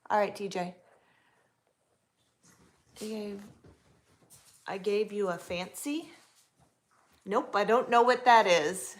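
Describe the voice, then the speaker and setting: A woman's voice: medium pitch, a bit bright. A woman in her forties from the US West Coast, chatting casually on a livestream and answering viewer comments. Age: 40s. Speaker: livestream host.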